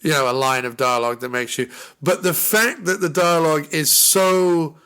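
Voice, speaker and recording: Bright, animated man chatting about films. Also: on the high side, moderate pace, smooth. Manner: animated, swearing, quoting movie lines in a raised voice. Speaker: podcast co-host. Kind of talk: casual film chat.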